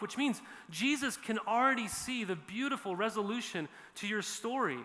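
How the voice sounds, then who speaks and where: A male pastor delivers a sermon in a bright, high-set voice. His preaching is earnest and conversational, and he leans on repetition for emphasis. The sound carries the long reverb of a church hall. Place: church sanctuary.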